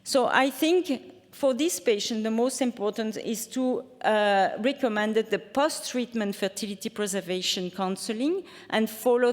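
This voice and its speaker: Woman presenting in a reverberant hall. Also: medium pitch. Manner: hesitant, many fillers and restarts. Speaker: conference speaker. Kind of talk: academic presentation and Q&A answers. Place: conference hall.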